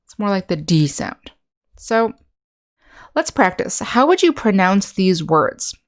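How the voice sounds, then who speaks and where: An American woman, an English teacher, narrating an online lesson in a clear, patient way and slowly demonstrating sounds. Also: medium pitch, sing-song.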